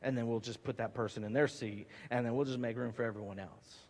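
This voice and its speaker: A man preaching a sermon as pastor, emphatic and animated with playful asides, in a church sanctuary. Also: medium pitch, fast talker. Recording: long hall reverb.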